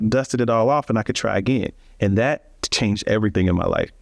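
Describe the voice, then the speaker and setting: A man's voice: fairly low pitch, lively intonation, a little fast, creaky, no room sound, studio quality. A man telling his life story as a guest in an interview, earnest and reflective, with frequent restarts and emphatic rises.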